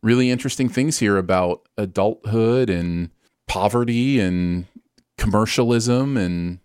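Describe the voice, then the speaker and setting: A man's voice: on the low side, a little slow, a little mellow, clear, resonant tone, no echo, studio quality. A man hosting a casual podcast chat about favourite films, talking enthusiastically. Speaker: podcast host.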